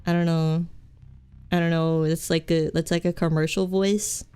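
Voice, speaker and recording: A woman's voice: lowish voice, little pitch movement, moderate pace, mellow, clean tone. A young woman streaming a game, chatting in a rambling, goofy, self-mocking way with many restarts. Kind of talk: live game stream chat.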